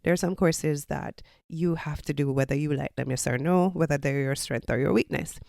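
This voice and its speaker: A Jamaican woman who hosts a podcast and lectures at a college offers casual advice in a teacherly, explanatory way, weaving in personal anecdotes. Her voice is low, gravelly, and darkish at a normal speed, captured in clean studio sound with no echo.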